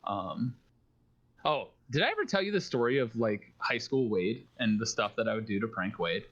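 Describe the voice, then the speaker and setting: A man's voice: fairly low pitch, big pitch swings, moderate pace, fairly bright tone, highs cut off. A man telling stories in a casual late-night stream chat, often laughing as he rambles.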